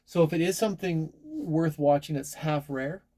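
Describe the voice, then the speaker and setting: A man's voice: on the high side, normal speed, mellow. A married man, chatting casually as a collector showing off his latest purchases. He rambles, restarts words and pokes fun at himself. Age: adult, married. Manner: rambling and self-deprecating, with frequent restarts. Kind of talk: casual chat.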